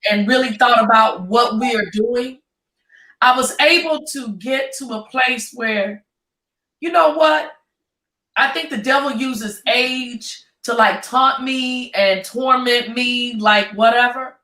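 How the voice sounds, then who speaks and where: A woman co-hosting a casual couples-in-business chat, telling stories in an animated, expressive way. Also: fairly high pitch, slow, echoey room, distant mic, poor audio. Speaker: podcast co-host.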